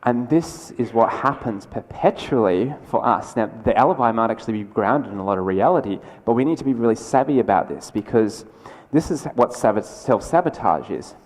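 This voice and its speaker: A man delivers a conference keynote in a chatty, energetic way, with quick asides and restarts. His voice sits at a middle pitch. The sound carries the long reverb of a large lecture hall. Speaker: keynote speaker.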